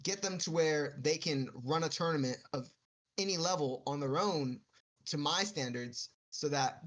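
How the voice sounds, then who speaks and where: A man who runs esports tournaments, chatting on a podcast. He jokes and boasts, then explains his plans in slow, careful detail. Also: fairly high pitch, a bit bright. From Texas. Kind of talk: casual podcast chat.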